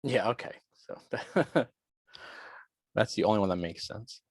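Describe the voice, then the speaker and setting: A man's voice: on the low side, lively intonation, measured pace, breathy edge, no echo. A man lecturing on biology in an online class, working through quiz questions and thinking aloud in a chatty way.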